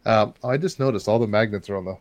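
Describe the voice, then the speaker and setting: A man telling a long story in casual chat, rambling and getting loud and animated as it builds. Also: lowish voice, fast talker, no room sound. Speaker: podcast host telling a story.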